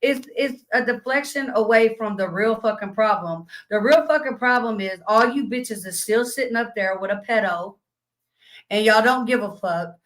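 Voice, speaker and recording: A young adult woman hosting a livestream reads her chat aloud while delivering a blunt, heated rant packed with cursing and indignant questions. She speaks at a moderate pace in a slightly high voice, and the audio is poor.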